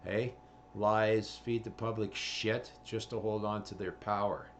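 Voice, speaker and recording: A man's voice: on the low side, steady tone, unhurried, a little hiss or hum. A man, ranting in a rambling commentary full of swearing and fillers. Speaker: vlogger.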